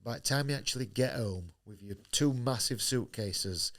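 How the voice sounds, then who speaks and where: His voice is medium-pitched and a bit bright, moving at a normal speed. A professional boxer on a podcast, he shares his story frankly, cursing freely and reenacting what others said.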